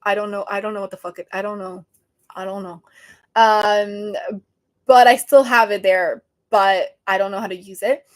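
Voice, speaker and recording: A woman's voice: mid-range voice, fairly even intonation, normal speed. A woman hosting a casual livestream from her phone, chatty and flustered, laughing often. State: sweating and flustered. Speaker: livestream host.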